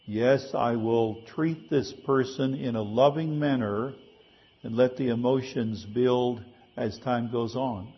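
A man's voice: medium pitch, takes it slowly, husky, dull audio. A male pastor preaching a sermon in a conversational way, asking his congregation rhetorical questions.

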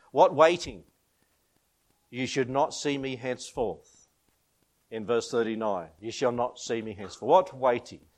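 A man preaching a sermon, chuckling often and rising and falling for emphasis. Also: mid-range voice.

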